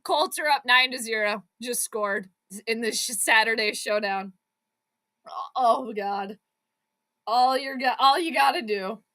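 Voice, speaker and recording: A woman hosting a live watch-along sports commentary, chatting with viewers and breaking into excited, frustrated outbursts. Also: a little high, measured pace, pauses often. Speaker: fan channel host.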